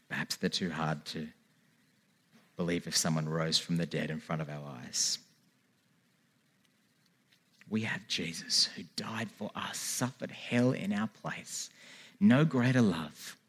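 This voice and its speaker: Earnest low-voiced male preacher. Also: a bit bright, slightly rough. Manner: earnest, pleading calls to repent. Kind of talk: sermon. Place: church hall with a congregation.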